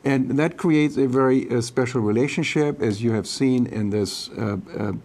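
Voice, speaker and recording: A man's voice: medium pitch, moderate pace, a little mellow. A man from Germany, a foreign policy expert, answering interview questions in a hesitant way with many fillers and restarts.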